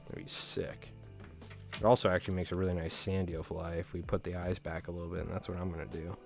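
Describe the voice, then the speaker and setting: A man's voice: sits low, little pitch movement, fast, gravelly, a little mellow, soft background music. Laid-back guy, slangy stream chat. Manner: casual, slangy, chatty. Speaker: fly tying streamer. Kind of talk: live-stream chat while tying flies.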